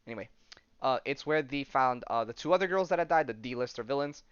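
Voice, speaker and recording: A man's voice: medium pitch, lively intonation, brisk, a bit bright, clean tone, dry recording, muffled recording. A man hosting a podcast, recapping a comic in a rambling, swearing way and acting out the characters. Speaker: podcast host.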